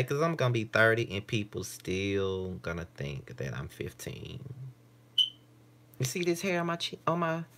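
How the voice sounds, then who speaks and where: A man's voice: on the low side, pushed and bright. A man in his late twenties chatting casually to camera in a candid, rambling, profane way. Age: late 20s. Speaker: vlogger. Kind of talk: casual vlog chat.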